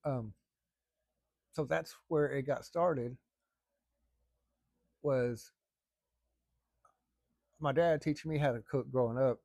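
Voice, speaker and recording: A man's voice: mid-range voice, slow, gravelly, pauses often, darkish tone, no echo. A middle-aged man telling a long family story in a rambling, folksy way, with casual swearing. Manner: rambling, folksy, salty language.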